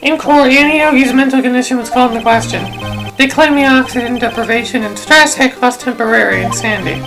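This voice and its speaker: A woman voicing a troubled young male prosecutor who speaks gravely and quietly, with game music behind. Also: fairly high pitch, fast talker, natural voice, low-quality recording. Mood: haunted.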